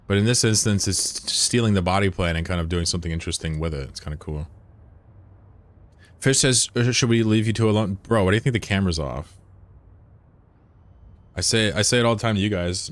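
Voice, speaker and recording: A man streaming a game in casual, profane chat, answering his viewers and drawling slowly when he admires something. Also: sits low. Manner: laid-back, profane, answers chat aloud.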